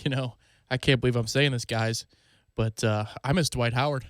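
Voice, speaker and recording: A man co-hosting a sports talk radio show, chiming in with quick remarks. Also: medium pitch, steady tone, no room sound, studio quality. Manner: chimes in with quick agreeing remarks. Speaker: radio co-host.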